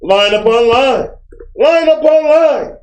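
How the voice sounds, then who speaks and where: A man reading Bible verses aloud phrase by phrase in a plain, steady way. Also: very high voice, slow pace, roomy sound, low-quality recording. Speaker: scripture reader.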